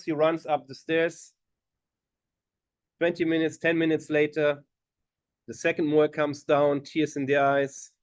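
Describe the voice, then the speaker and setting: A man's voice: a little high, no echo. A man, a rabbi telling a story at a community gathering and acting out the voices of the people in it. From Germany. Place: gathering hall.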